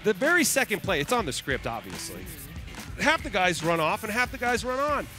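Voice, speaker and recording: A male football analyst who once played the game, talking fast and with conviction. His voice sits a little high. Faint music plays underneath. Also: wildly swooping pitch, bright, forceful tone. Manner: emphatic, opinionated breakdowns. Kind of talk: sports talk analysis.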